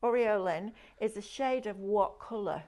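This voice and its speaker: A woman's voice: mid-range voice, expressive, normal speed. A woman co-hosting a live craft shopping show, chatty and jokey.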